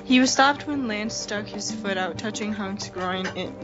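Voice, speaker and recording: A woman's voice: mid-range voice, measured pace. Woman reading fan fiction over music. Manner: irreverent, joking, stumbles while reading. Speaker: podcast co-host. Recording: muffled lo-fi with background music.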